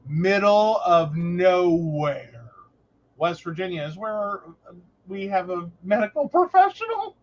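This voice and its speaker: A woman co-hosts a relaxed chat and tells stories with real animation, slipping into little voices for the people involved. Her pitch rises and falls a lot. The recording sounds muffled and lo-fi. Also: takes it slowly. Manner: animated, storytelling with lots of voices. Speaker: podcast co-host, psychic. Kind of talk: casual chat.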